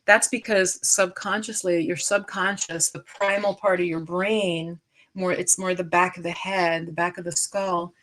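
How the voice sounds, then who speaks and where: A woman's voice: lowish voice, steady tone, a little slow, fairly bright tone. Emphatic, chatty woman coaching on stress. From United States. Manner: chatty and emphatic, frequent asides and restarts. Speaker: stress coach and yoga teacher. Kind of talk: live-streamed wellness talk.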